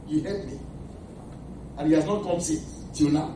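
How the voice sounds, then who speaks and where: A man with a Nigerian accent preaching a sermon, animated, shouting and laughing, calling to his congregation for answers. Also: on the high side, normal speed, noisy background. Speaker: pastor. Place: church. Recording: echoey church hall, mic at a distance, congregation audible. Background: responding congregation.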